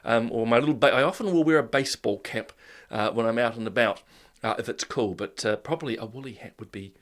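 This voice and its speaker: A man's voice: medium pitch, fast. A man with a New Zealand accent hosting a live show, greeting viewers by name and giving opinions in a loose, conversational way with lots of "uh" and "look". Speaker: host. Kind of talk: casual live-stream commentary.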